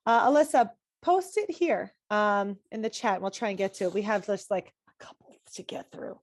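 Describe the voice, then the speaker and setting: A woman's voice: medium pitch, lively intonation, moderate pace, no room sound, studio quality. A woman co-hosting a live podcast on anxiety, chatting casually and greeting viewers with frequent laughs. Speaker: podcast co-host and anxiety coach. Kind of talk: casual live-stream chat.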